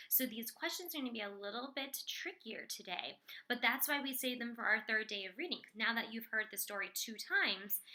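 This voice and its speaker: A young woman teaching first grade, explaining a reading lesson in a clear, encouraging way. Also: medium pitch, bright, forceful tone.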